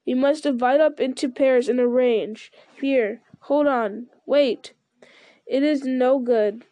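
A woman voicing a solemn, measured ranger leader in a read-aloud story. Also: fairly high pitch, steady tone, warm tone, lightly acted. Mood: urgent. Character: grave noble male ranger leader.

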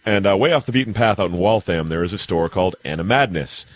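A man chatting casually as a podcast guest, rambling and quick to laugh. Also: low voice, animated. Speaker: podcast guest, anime columnist. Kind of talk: casual chat.

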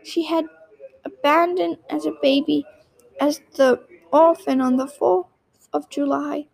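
Slow, gravelly woman reading a storybook. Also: high voice, fairly even intonation, darkish tone, poor audio. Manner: reads with small slips and restarts. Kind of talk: storybook read-aloud.

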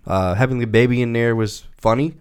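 A man's voice: mid-range voice, a little fast, darkish tone, clean tone. A man co-hosting a casual pop-culture podcast, blunt and sarcastic, swearing casually. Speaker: podcast co-host.

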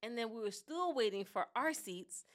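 A woman co-hosting a podcast in casual chat, telling animated stories and laughing often. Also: a little high, normal speed. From New York. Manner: animated storytelling, acting out others, laughs often. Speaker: podcast co-host.

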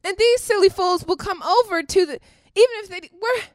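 A woman ranting straight to camera in a blunt, profane, confrontational way, swinging between loud outbursts and low muttering. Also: moderate pace, dry recording, clean studio sound. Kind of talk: direct-to-camera rant.

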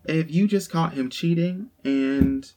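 A young Southern-accented podcast co-host tells his co-host a personal story, frank, profane, casual, and full of "like." His voice is fairly high and mellow, and he speaks slowly.

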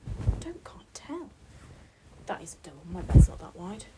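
A woman's voice: mid-range voice, very animated, moderate pace. A young British woman with a slight cold, chatting to herself and her pets at home as she works on a task, often dropping into whispers. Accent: British English. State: slight cold, a bit out of breath. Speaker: vlogger. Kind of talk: casual solo vlog while building a blanket fort. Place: at home indoors.

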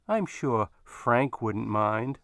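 A man's voice: a little high, expressive, measured pace, fairly bright tone, clear, resonant tone, no room sound, voice pushed up. Man voicing a flirtatious neighbor woman, cooing, syrupy, dry close sound.

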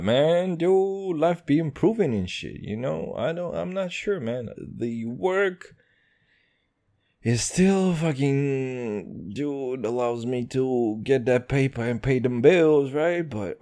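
Slangy, rambling young podcast host. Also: male voice, medium pitch, mellow. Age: 20s. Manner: profane, rambling slangy banter. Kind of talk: casual podcast monologue.

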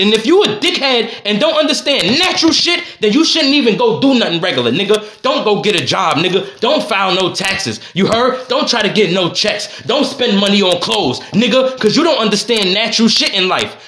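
A man's voice: high-pitched, big pitch swings, a little fast, few pauses, sharp tone. A young man, venting alone on his podcast in a heated, profane, exasperated rant. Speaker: podcast host. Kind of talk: solo ranting monologue. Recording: roomy echo.

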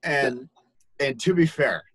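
A man's voice: medium pitch, slow pace, husky, poor audio. Laid-back young man telling a story. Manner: animated, laughing, acts out quoted voices. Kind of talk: casual storytelling.

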